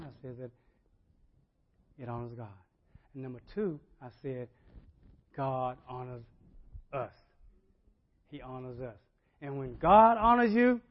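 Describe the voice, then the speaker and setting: A man's voice: mid-range voice, dull audio. A male pastor delivering a sermon conversationally, often checking in with the congregation.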